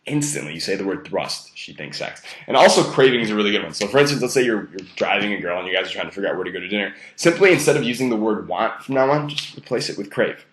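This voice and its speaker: A man's voice: on the low side, animated, fast talker, few pauses, fairly bright tone, roomy sound, slight background noise. A young man giving blunt, profane dating advice in a casual monologue, heavily stressing key words and amusing himself. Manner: blunt, profane and self-amused.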